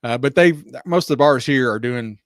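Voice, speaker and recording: Man, mid pitch, easygoing storyteller, laughs a lot, casual podcast chat. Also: normal speed, no echo, studio quality. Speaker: rideshare driver and podcast co-host.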